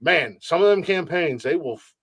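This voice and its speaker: Male podcast host; loose and profane, lots of restarts, sits a bit high, dry close sound. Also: lively intonation, moderate pace, a bit bright, husky, no echo. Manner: rambling, profane, many restarts. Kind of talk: casual podcast chat. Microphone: remote call setup.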